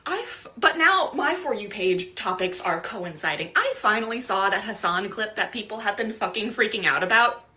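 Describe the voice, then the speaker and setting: A woman's voice: medium pitch, animated, normal speed, hardly any pauses, sharp tone. A woman ranting in casual commentary, profane and exasperated, often laughing as she talks. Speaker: TikTok commentator.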